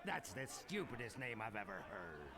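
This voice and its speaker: A man's voice: fairly low pitch, very animated, moderate pace, very noisy. An actor voicing a teasing, laid-back male pirate in a game, with a drawling, mocking manner. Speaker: game character.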